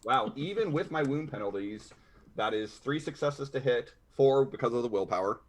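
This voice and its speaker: A man's voice: mid-range voice, animated, normal speed. A man playing in a tabletop role-playing game, talking casually and easygoing about his character's actions. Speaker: player.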